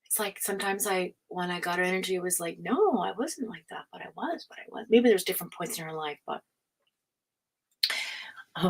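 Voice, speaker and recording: A woman hosting a live tarot stream, chatting casually, reading out viewer comments, laughing often and slipping into hushed asides. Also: lowish voice.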